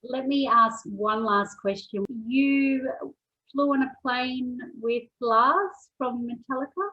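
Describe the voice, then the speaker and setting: Female magazine interviewer, breathy tone, unhurried delivery. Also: high-pitched, lo-fi sound. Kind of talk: interview questions.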